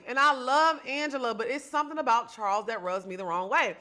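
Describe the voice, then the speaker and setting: Woman podcast host, chatty and sassy in her gossip commentary, with a bright, slightly high voice. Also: brisk, hardly any pauses. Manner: chatty, sassy, addresses listeners directly. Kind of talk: solo reality-TV gossip commentary.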